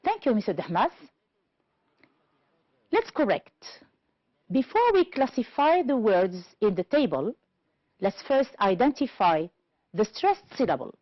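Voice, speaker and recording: A woman from Algeria teaching an English lesson on television, speaking slowly and clearly and stressing each word for learners. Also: on the high side, sing-song, no room sound, highs cut off. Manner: slow, clear teacherly delivery, stressing words.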